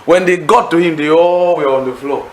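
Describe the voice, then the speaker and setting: A man preaching to a Bible study class, telling stories in an animated way, acting out laughter and asking the audience leading questions. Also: fairly high pitch, moderate pace, rough recording. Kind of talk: sermon-style teaching to a congregation.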